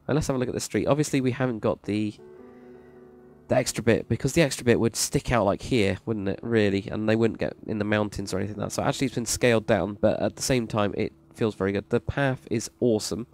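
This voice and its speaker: A man with a lowish, darkish voice gives casual commentary as he tours a game build, rambling enthusiastically and praising freely. He's a Minecraft server plot reviewer, and faint music can be heard in the background.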